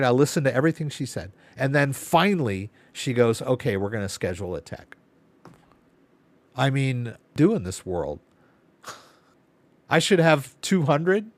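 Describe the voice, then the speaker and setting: A man chatting on a live Q&A stream, wandering through a long story with tired, exasperated asides. His voice swings widely in pitch as he talks. The sound is dry and close, with no room echo. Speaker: live Q&A host. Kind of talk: casual live-stream chat.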